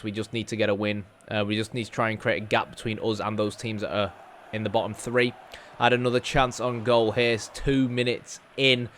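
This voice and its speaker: A man's voice: lowish voice, fairly bright tone. A young man talks through his football game in a loose, chatty way. He rambles, fills gaps with ums and ahs, and pokes fun at himself. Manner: chatty, self-deprecating, rambling with fillers. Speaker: gaming YouTuber. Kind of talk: casual gameplay commentary.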